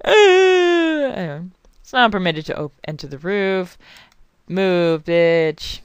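A woman's voice: lowish voice, slow pace, smooth, no room sound, dull audio. A young woman rambling and swearing through casual let's play commentary as a game channel host, apologizing often.

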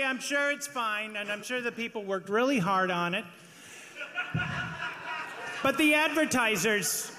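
High pitched guy doing an indignant bit live, hall echo, crowd sounds around. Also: background noise. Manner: animated, indignant storytelling. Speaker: podcast regular. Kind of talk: live stage comedy chat. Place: large theater stage before an audience.

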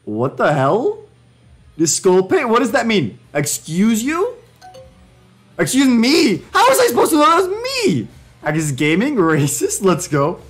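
Young guy streaming and goofing around, high voice that jumps all over, faint music behind. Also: a bit bright. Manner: joking, reads app prompts aloud. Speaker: livestreamer. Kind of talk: casual live-stream commentary.

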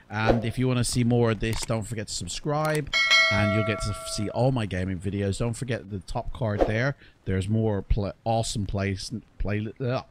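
A man, hosting a gaming channel and giving chatty gameplay commentary full of exasperated asides. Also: lowish voice.

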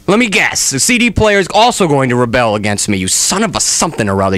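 A man's voice: medium pitch, huge pitch swings, quick pace, hardly any pauses, fairly bright tone, no echo. A man hosting a comedic radio show on a studio microphone, ranting in mock-melodramatic exasperation.

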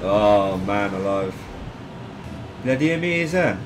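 A man commentating his own gameplay excitedly, yelping, swearing and shouting at each play. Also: on the low side, takes it slowly, background noise. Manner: excitable, yelps and shouts at plays, swears, laughs often.

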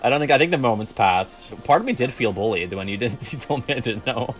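Male game streamer, mid-range voice, animated delivery, profane and jokey with his viewers. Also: mid-range voice, fast talker, soft background music. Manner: joking, profane, talks to chat. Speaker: gaming streamer. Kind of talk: casual gaming stream chat.

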